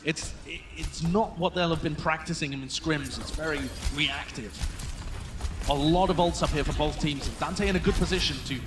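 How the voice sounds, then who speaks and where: A man giving measured, analytical color commentary on an esports match. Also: on the high side, noisy background.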